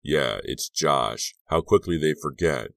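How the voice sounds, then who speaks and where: Male narrator voicing a teen joker, needling and brash, very deep read, dry booth sound. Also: animated, slow pace, gravelly, fairly bright tone, dry recording, exaggerated voice. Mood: teasing. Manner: teasing, needling jokes. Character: wisecracking teenage boy friend, teasing and brash. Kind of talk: audiobook character reading.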